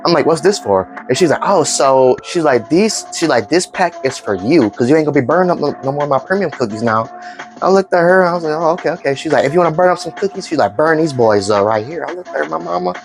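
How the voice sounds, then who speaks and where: A man's voice: a little high, expressive, quick pace, soft background music. A young man telling a casual storytime vlog, acting out family members' lines in raised voices. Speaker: vlogger.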